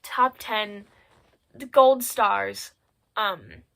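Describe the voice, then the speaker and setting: A woman's voice: mid-range voice, fairly even intonation, very slow, gravelly, fairly bright tone. A teenage girl presenting a school project on a phone recording, retelling a story in a chatty, irreverent way full of filler words. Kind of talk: casual spoken recap in slangy storytelling.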